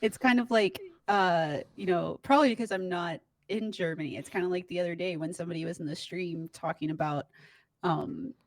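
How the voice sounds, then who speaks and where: Blunt woman co-host, low, dry. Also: a little fast, dry recording. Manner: blunt, short dry remarks. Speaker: podcast co-host. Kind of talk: casual horror movie review chat.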